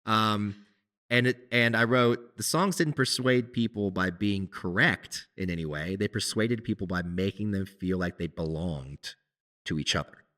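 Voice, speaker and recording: A man co-hosting a podcast, talking in a casual, animated way with many restarts. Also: on the low side, a little slow. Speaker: podcast co-host, musician. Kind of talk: casual conversation.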